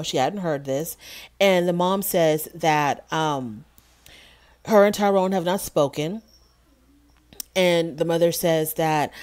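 Sassy woman recapping reality TV. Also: low voice. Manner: sassy, animated, mocks with acted quotes. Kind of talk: casual solo review commentary.

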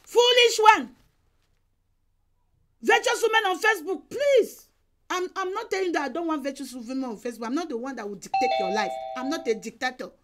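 High-pitched, animated woman evangelist; exhorting sermon delivery, repeats lines, shouts now and then. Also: a little fast. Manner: emphatic, repeats phrases, exhorting.

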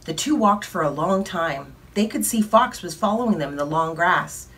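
A woman reading a children's picture book aloud with lively expression. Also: lowish voice, normal speed. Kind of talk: storybook read-aloud. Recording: distant mic.

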